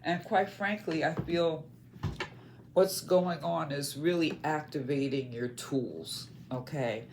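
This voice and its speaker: A tarot reader talking through a card spread at an unhurried, slow pace. The voice muses aloud in short, loose phrases and often stops to check in with listeners. A faint noise sits behind it. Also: mid-range voice, darkish tone. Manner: musing, checks in with listeners by asking "okay?"; talks in short loose phrases with many fillers. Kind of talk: casual spoken tarot reading.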